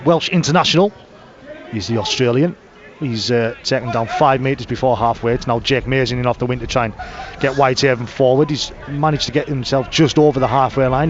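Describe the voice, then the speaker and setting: A man giving live rugby league radio commentary, naming each pass and tackle in quick succession. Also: medium pitch. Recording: lo-fi radio broadcast audio.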